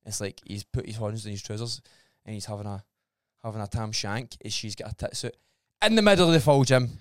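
A Scottish man hosting a casual podcast, telling stories in an animated way and swearing freely. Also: on the low side, a little fast, clean tone, no room sound, clean studio sound. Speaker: podcast host.

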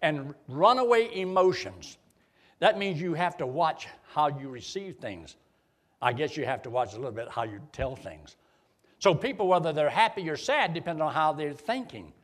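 A man's voice: fairly high pitch, moderate pace. A middle-aged man preaching a sermon in a folksy, joking way. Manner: folksy, joking, animated delivery.

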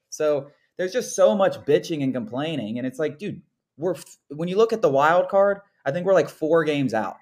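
A young man co-hosting a casual sports podcast, ranting with lots of "like" and "dude.". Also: high-pitched. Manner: animated ranting, frequent "like" and "dude". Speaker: podcast co-host.

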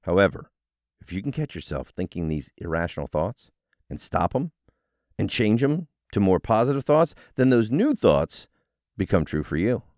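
A man hosting a solo motivational podcast, explaining ideas in an animated, coaching delivery. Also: fairly low pitch, moderate pace, no room sound, studio quality. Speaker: podcast host.

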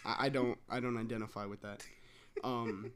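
A man's voice: fairly low pitch, fairly even intonation, moderate pace, slight background noise. An eighteen-year-old man from Brooklyn, a laid-back, joking guest in a casual podcast chat. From Brooklyn, New York.

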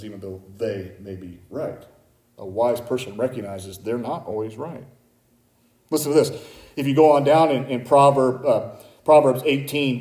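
Man preaching in an echoey hall. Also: mid-range voice. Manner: conversational, swings from loud emphasis to quiet asides. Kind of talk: sermon. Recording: echoey room.

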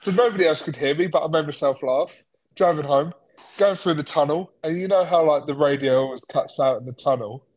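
A man's voice: a little high, a little fast, darkish tone. A man, co-hosting a podcast in a rambling, self-mocking casual chat. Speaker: podcast co-host.

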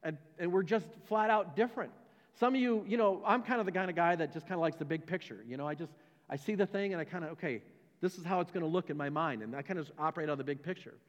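A man's voice: high voice, quick pace, in a large hall, lo-fi sound. A man, a pastor, preaching a conversational sermon with many rhetorical questions and repeated words. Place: church sanctuary.

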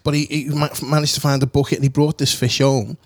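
A man's voice: medium pitch, level tone, fast talker, no room sound. A man telling a long story in casual chat, rambling, swearing freely and laughing as he goes.

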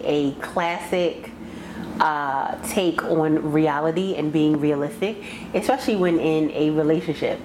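A woman co-hosting a casual chat show, telling animated stories and acting out what people said. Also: low voice. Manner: animated storyteller, acts out quotes. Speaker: podcast co-host. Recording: echoey room, faint noise.

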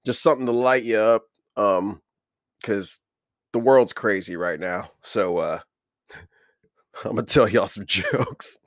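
A man's voice: fairly low pitch, slow pace, pauses often, no room sound, clean studio sound. A man hosting a casual comedy podcast, loose and slangy, laughing so hard he is in tears as he talks. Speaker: podcast host.

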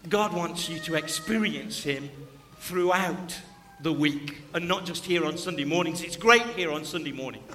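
A man's voice: a little high, moderate pace, hardly any pauses, sharp tone. A man preaching a sermon in a church, impassioned and repeating key phrases. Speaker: pastor. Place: church sanctuary. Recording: long church hall reverb.

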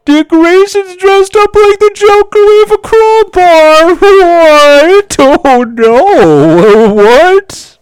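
A man voicing a panicked man who shrieks in alarm, shrill and frantic. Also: lively intonation, very slow, hardly any pauses, dry recording, exaggerated voice, rough recording.

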